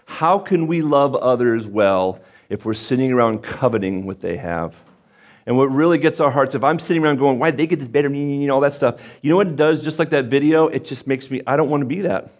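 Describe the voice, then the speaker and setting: A man's voice: mid-range voice, brisk. A male pastor delivering a sermon in a chatty, conversational way. He gets fired up at times and makes fun of himself along the way.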